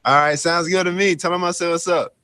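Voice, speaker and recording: A young man in his twenties speaks softly and politely at a press conference, with short, respectful replies. His voice is bright and forceful, recorded very dry and close. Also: high voice, fairly even intonation, a little fast, no room sound. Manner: soft-spoken, polite, laughing. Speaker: professional quarterback. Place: press room.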